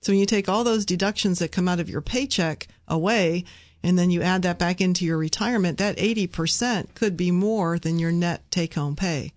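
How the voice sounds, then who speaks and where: A woman's voice: fairly low pitch, brisk, dry recording. Matter-of-fact female benefits co-host. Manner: clear, explanatory, matter-of-fact. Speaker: radio co-host and benefits expert. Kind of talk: live radio talk show.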